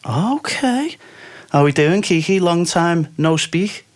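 A man's voice: fairly high pitch, lively intonation, slow pace. A man hosting a radio call-in show, chatting casually and joking with a caller. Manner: chatty, jokey, swears lightly. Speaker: radio host.

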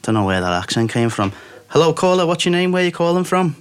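A man's voice: a little high, big pitch swings, fast talker, clear, resonant tone. A man hosting a radio call-in show, chatting casually and jokily with a caller, with the odd mild swear. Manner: jokey, chatty, swears lightly.

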